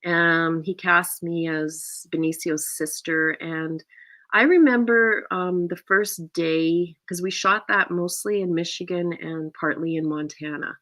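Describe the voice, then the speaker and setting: Middle-aged actress recounting an anecdote, lower-pitched, lively, jumps up high when quoting. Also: female voice, measured pace. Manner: acts out quoted lines with big pitch jumps and gasps. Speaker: actor, interview guest. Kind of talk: animated anecdotal storytelling.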